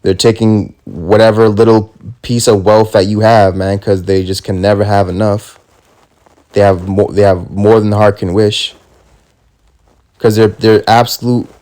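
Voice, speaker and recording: A man preaching a fervent sermon, reading scripture slowly and tacking "man" onto his points. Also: fairly low pitch, fairly even intonation, a little mellow. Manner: emphatic, drops "man" at ends of lines; reads scripture slowly and deliberately.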